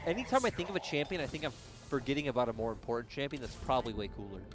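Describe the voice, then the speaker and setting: A man chatting casually as an esports caster, animated, with lots of fillers and laughs. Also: medium pitch, music in the background. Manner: rapid, animated, laughs, says 'like' a lot. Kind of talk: casual banter between casters.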